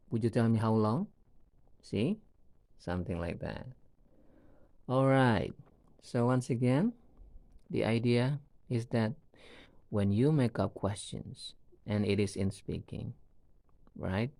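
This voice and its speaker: Slow, low-voiced male English teacher. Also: dark tone, no echo. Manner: slow, repeats each example sentence, asks students rhetorical checks. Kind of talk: recorded English lesson.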